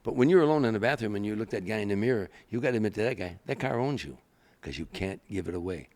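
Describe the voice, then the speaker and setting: This is an older man with a low, gravelly voice, guesting on an interview show. He tells long stories with plenty of life, slipping into the voices of the people he quotes and then easing back into his own easy, confiding tone. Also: fast. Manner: animated storyteller, acts out quoted voices. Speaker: guest, comedian. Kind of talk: storytelling interview.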